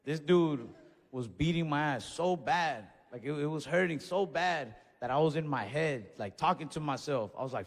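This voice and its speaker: A young man telling a stand-up story in a laid-back, conversational way, now and then shouting a punchline. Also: fairly high pitch, moderate pace. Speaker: stand-up comedian. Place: comedy club stage with audience. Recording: live venue with long reverb, faint room noise.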